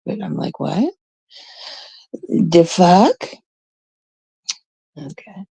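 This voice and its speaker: A woman's voice: fairly low pitch, big pitch swings, extremely slow, gravelly, warm tone, husky, no echo. A Canadian woman livestreaming, rambling casually and talking straight to her chat viewers on a close mic.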